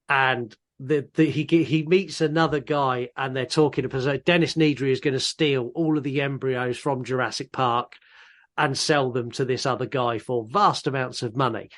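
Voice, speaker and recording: A man co-hosting a podcast, chatting casually about a film and retelling scenes in an animated way. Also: medium pitch. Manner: animated retelling, slips into quick mimicked voices. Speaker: podcast co-host. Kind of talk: casual film review chat.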